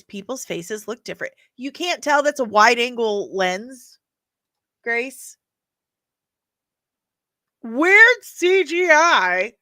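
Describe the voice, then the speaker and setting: A woman's voice: fairly high pitch, pushed and bright, no room sound. A woman hosting a casual commentary show, blunt and sarcastic, swearing freely. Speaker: host.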